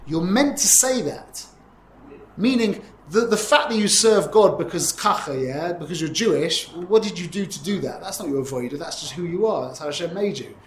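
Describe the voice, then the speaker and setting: Animated man teaching a class, echoey room. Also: high-pitched, moderate pace, a little hiss or hum. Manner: animated, uses Hebrew and Yiddish terms, frequent self-corrections. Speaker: Torah teacher. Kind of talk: lively class teaching Tanya. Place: classroom with students.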